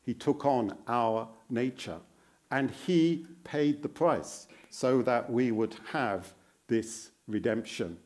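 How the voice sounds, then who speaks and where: A man's voice: mid-range voice, slow pace, darkish tone. A man giving a sermon as a guest preacher in a church. He quizzes the congregation in an earnest, encouraging way and repeats phrases for emphasis.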